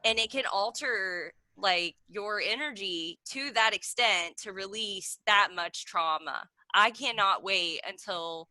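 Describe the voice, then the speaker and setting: On a casual video call, a meeting participant in her thirties spins a rambling story, with "like" filling each gap. She takes it slowly with few pauses, her mid-range voice bright and forceful; the video call mic recording is dry.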